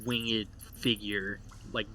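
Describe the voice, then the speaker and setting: A man narrates a tabletop game as its game master, his voice very bright and his delivery loose and halting. Faint noise sits behind him. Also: on the low side, little pitch movement. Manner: casual, halting narration with fillers.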